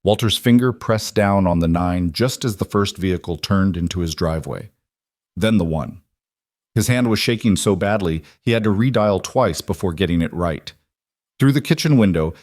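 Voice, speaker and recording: A man narrating a suspense story in a measured, scripted way. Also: sits low, darkish tone, dry recording, clean studio sound.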